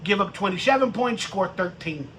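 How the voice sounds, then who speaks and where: A man hosting a live-stream fan rant about football, profane and mocking, with bursts of shouting. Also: high voice, expressive, moderate pace, slight background noise. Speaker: sports podcast host.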